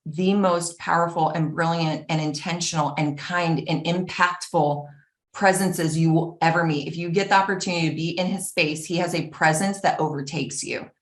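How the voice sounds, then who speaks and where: A woman giving an earnest, animated personal talk, acting out the voices of the people she quotes. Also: on the low side, moderate pace. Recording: roomy echo.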